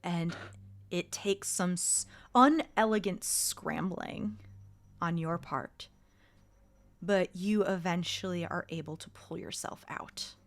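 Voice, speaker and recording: A woman running a tabletop role-play game, describing scenes in a slow, measured way. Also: lowish voice. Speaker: game master.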